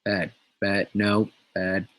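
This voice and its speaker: A man's voice: lowish voice, monotone, very slow, low-quality recording. A man hosting a casual show, rambling and swearing freely as he chats. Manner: profane, rambling, laughs often. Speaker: show host.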